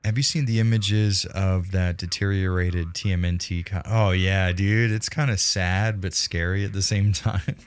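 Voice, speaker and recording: A young man with a very deep, low voice streams a shooter game live. He swears a lot and taunts the enemies with a cocky edge. When he sneaks, he drops into a hushed whisper. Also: fairly even intonation, moderate pace, hardly any pauses, clear, resonant tone. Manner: profane, cocky trash talk at game enemies. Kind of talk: casual live-stream commentary.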